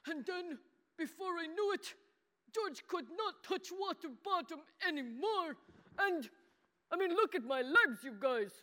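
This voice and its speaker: In a church hall with long, echoing reverb, an adult performs a simple, earnest boy puppet for a children's sermon. The full character voice is very high-pitched, expressive and sharp, delivered unhurriedly, and the puppet speaks in broken, childlike grammar, calling himself by name with earnest, childish sincerity.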